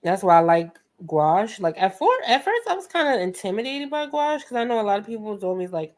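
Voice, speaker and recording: A woman's voice: mid-range voice, sing-song, fairly quick, few pauses, darkish tone. A woman with a New York accent hosting a painting tutorial, chatty and playful, talking to viewers like friends. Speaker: art tutorial host. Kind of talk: casual painting tutorial chat.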